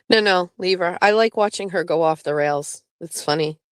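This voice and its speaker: A woman's voice: fairly low pitch, smooth, no echo. A woman hosting a live stream, chatting casually and bluntly with her viewers and swearing freely. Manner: blunt, profane, talks back to chat. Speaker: livestream host.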